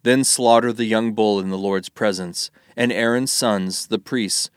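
A man reads a scripture passage in a steady, solemn way. His voice is somewhat low. The recording is dry, with no room sound. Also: unhurried, clean tone, no echo. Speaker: Bible reader. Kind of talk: scripted Bible reading.

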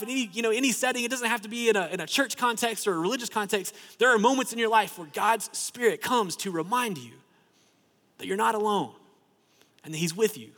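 A man's voice: high-pitched, a bit bright. A man preaching a sermon in a church, in a conversational style that fills with "like" and repeats words. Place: church sanctuary. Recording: long hall reverb.

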